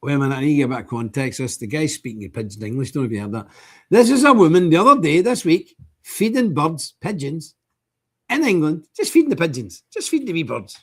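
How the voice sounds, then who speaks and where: A man's voice: fairly high pitch, very animated, fast, husky. An older man hosting a livestream, talking casually and ranting indignantly in bursts. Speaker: streamer host.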